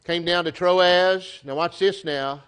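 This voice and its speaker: A man with a Southern US accent preaching a sermon to his church, folksy and animated, often restarting his phrases. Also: high voice, takes it slowly, clean tone. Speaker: pastor. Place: church sanctuary.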